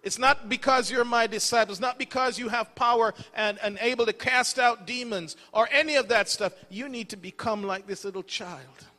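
A man's voice: extremely high pitch, moderate pace, hardly any pauses, sharp tone, long reverb tail. A middle-aged man preaching a sermon as pastor, telling folksy stories with casual asides. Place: church sanctuary.

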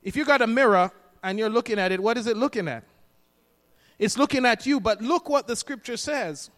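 A man's voice: very high voice, expressive, a little fast, a bit bright. A man preaching a sermon to a congregation, emphatic and repeating key phrases for them to echo. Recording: long reverb of a hall.

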